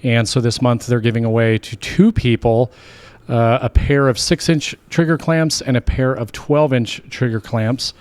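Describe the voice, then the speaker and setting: A man's voice: medium pitch, steady tone, normal speed, a little mellow, clean tone, dry recording. A man co-hosting a casual podcast, upbeat and chatty as he runs through a giveaway and listener comments. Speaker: podcast co-host.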